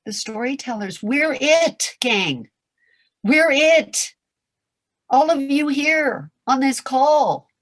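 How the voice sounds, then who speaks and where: A woman's voice: high voice, lively intonation, slow pace, no room sound. Brief: older woman, veteran stage performer, theatrical motivational speaker on a video call. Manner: theatrical, acts out quoted voices, swings from loud to hushed. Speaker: guest performer and coach. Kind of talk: animated motivational talk.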